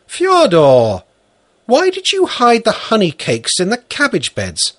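A man voicing a cheerful, loud farm housewife in a storybook reading. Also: high voice, wildly swooping pitch, voice pushed up, exaggerated voice. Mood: hearty. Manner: brisk, boisterous calls.

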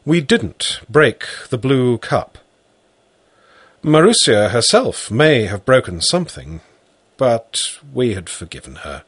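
A man reading a story aloud in a husky voice. His pitch swings widely as he tells it, and he takes his time over every phrase. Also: no echo. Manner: slow, animated storytelling. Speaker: narrator. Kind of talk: scripted story narration.

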